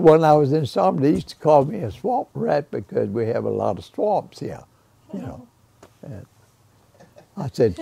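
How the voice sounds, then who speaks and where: This is an older man, telling his story in a drawl. His voice is deeply gravelly and jumps all over in pitch. The recording carries clear noise and clicks. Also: huge pitch swings, unhurried, long pauses, dark tone. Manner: drawling with laughs. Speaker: interviewee. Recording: noisy with clicks.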